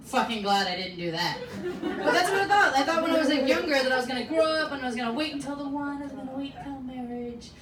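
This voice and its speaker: A woman's voice: high-pitched, animated, fast talker, heavy background noise. A woman in her thirties from Alaska with an American accent, doing a brash, profane stand-up set and talking straight to the crowd on a club stage. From Alaska, USA. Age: 30s. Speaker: stand-up comedian. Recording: roomy club sound from a distance, audience audible.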